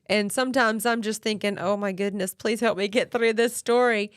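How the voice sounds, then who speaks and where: A woman's voice: medium pitch, fairly even intonation, normal speed, clean tone, no echo, studio quality. A woman, co-hosting a ministry news show and talking earnestly with viewers in casual chat. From Alabama. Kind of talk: casual live-stream chat.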